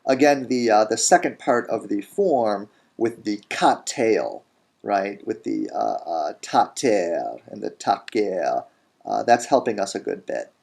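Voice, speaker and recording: A man teaching a grammar lesson in a recorded lecture, deliberate, saying each word form slowly and repeating it. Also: fairly low pitch, animated, vocal fry, a little mellow. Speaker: language teacher.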